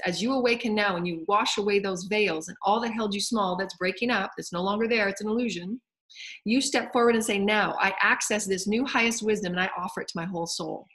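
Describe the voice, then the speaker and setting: A woman giving a fervent inspirational spiritual address, repeating phrases for emphasis and often dropping to a soft, hushed tone. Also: mid-range voice. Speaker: spiritual channel.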